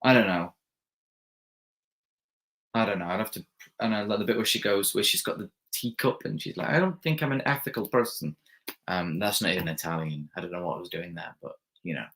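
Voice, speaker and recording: A man's voice: deep voice, fairly even intonation, brisk, a bit bright. A young man hosting a live stream, reading viewer comments aloud and rambling casually with lots of fillers and restarts.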